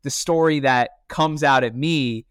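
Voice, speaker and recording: A man hosting a podcast, chatty and animated, with many fillers. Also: medium pitch, unhurried, clean tone, no echo, clean studio sound. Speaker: podcast host. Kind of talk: conversational interview.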